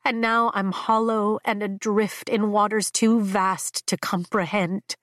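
A woman narrating a fantasy novel in the first person, with a measured, emotive reading. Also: mid-range voice, little pitch movement, fairly bright tone, no room sound, clean studio sound. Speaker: audiobook narrator.

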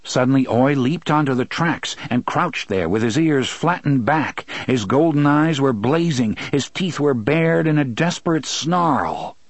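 Husky male audiobook narrator. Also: mid-range voice, no room sound. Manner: steady, measured storytelling. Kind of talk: scripted narration.

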